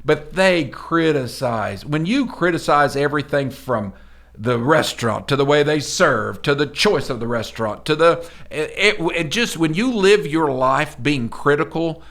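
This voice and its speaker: A man's voice: on the high side, a little slow, fairly bright tone. A middle-aged man co-hosting a motivational podcast, talking in a folksy, emphatic, preacher-like way. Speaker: podcast co-host.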